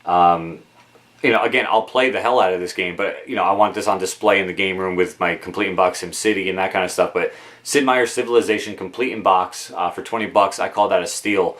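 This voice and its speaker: Relaxed low-voiced man rambling with fillers. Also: fairly quick. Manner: relaxed, rambling, full of ums and uhs. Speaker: video game collector vlogger. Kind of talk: casual show-and-tell of game purchases. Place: his game room at home. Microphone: camera mic.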